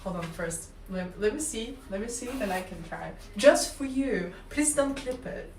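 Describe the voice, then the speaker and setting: A woman's voice: medium pitch, animated, unhurried, a little mellow. A young woman with a Slavic accent, livestreaming and chatting playfully with viewers. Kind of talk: casual chat with live chat. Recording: roomy sound from a distant mic.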